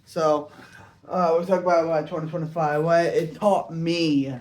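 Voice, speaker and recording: A man talking in a personal reflective vlog, halting and earnest, searching for his words. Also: fairly high pitch, little pitch movement, a little mellow. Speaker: vlogger.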